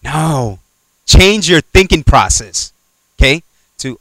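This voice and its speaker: A man preaching a sermon, swinging from loud exhortation to quiet asides and acting out little dialogues. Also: fairly high pitch, normal speed, pauses often, no room sound. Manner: acts out little dialogues in character voices.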